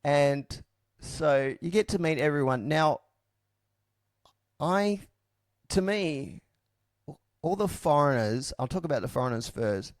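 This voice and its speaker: A man's voice: on the high side, expressive, slow, long pauses, dry recording, clean studio sound. A man in young adulthood, frankly and reflectively telling his story in casual talk, with many fillers and restarts. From Australia.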